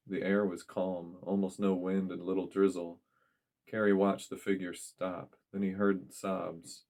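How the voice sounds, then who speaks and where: In a scripted storytelling piece, a man with a deep, low voice reads a story aloud at a steady, measured pace.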